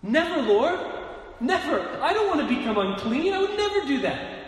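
A man's voice: extremely high pitch, sing-song, moderate pace, pitched above the performer's own voice. A man voicing a horrified devout male disciple who protests in a shocked, pleading outcry. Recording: echoey hall with long reverb.

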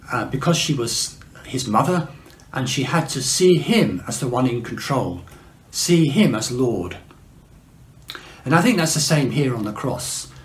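A man preaching a sermon, measured, slowing down for emphasis, with frequent uh fillers. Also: mid-range voice. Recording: echoey room.

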